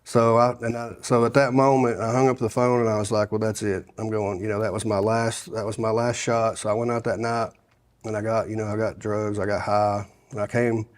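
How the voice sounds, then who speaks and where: A man from shares his testimony in a relaxed interview. His voice sits low, and his speech wanders, full of restarts and filler as he works through the story. He sounds middle-aged and unpolished. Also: a little fast. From Sevier County, Tennessee. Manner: rambling storyteller, many restarts and "you know". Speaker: guest sharing his testimony.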